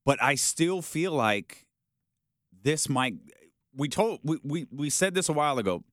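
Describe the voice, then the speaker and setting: A man hosting a sports talk show, debating with a lively, swinging delivery. He argues his point in a casual, conversational way and acts out other people's reactions. The sound is dry and close to the microphone. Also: a little high, a little slow, no room sound. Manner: animated, argumentative, acts out quoted reactions.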